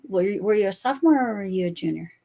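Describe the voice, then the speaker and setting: A woman's voice: mid-range voice, lively intonation, rapid-fire, gravelly, mellow. A woman in her fifties hosting a crochet channel, chatting casually with viewers by name while she crafts, often correcting herself.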